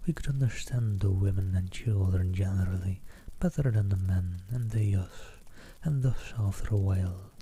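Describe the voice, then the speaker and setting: A man reading a travel book aloud in a soft ASMR whisper, stopping for self-deprecating asides. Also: low-pitched, normal speed, hardly any pauses, slightly rough. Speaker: ASMR streamer.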